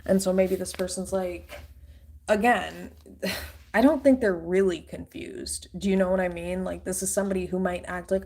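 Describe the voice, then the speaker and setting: A woman's voice: on the low side, steady tone, normal speed, darkish tone. A woman giving a casual tarot reading in a blunt, profane, rambling way. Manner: loose, rambling with fillers. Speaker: tarot reader.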